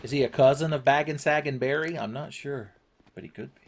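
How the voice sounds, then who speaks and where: Man, let's play commentary, crude, sarcastic, mid-pitched voice, faint background noise. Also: fairly quick. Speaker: gaming channel host.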